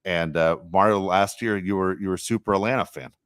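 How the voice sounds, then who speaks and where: Man, low voice, rambling sports podcast host, animated asides, dry sound. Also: fairly quick, no room sound. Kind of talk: casual sports podcast chat.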